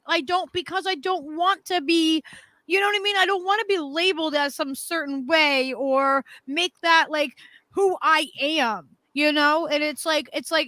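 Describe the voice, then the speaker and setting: An animated woman co-hosting a casual panel chat, restarting and repeating words often. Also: high-pitched, dry recording.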